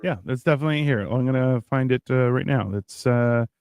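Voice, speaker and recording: A man's voice: mid-range voice, brisk, vocal fry, a little mellow, clear, resonant tone, dry recording, studio quality. A man hosting a live stream, bantering casually and mocking others with frequent swearing. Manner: joking, mocking, swears a lot.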